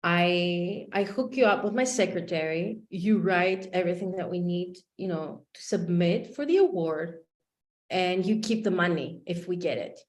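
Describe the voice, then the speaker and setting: A woman putting on a burnt-out young businessman who sounds drained and flat, quieter and lower than her usual voice. The echo of the room hangs around every word. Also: normal speed, close to an everyday voice. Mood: weary. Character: exhausted young male shop owner. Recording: roomy echo.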